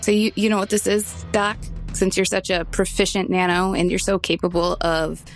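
A woman plays a tabletop game, chatting casually and turning tough when she talks as her character. Her voice is full of gravel and fry, and soft music plays underneath. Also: medium pitch, flat delivery, normal speed. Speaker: player.

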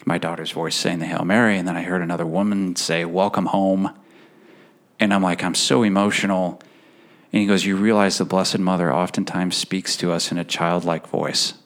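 A man telling an emotional personal faith story as a podcast guest, earnest, laughing softly between phrases, with halting restarts. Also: deep voice.

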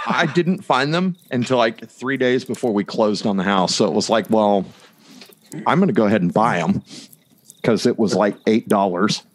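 A man's voice: fairly low pitch, moderate pace, no echo. A man in casual chat, telling a long story and acting out the quoted lines.

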